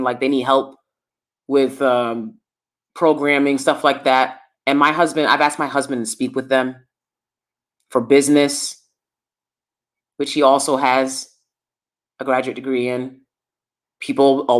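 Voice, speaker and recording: A middle-aged woman hosting her own channel, talking bluntly and lecturing in a casual monologue to the camera. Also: fairly bright tone. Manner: blunt, lecturing, switches between low asides and emphatic bursts. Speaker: YouTube commentary host.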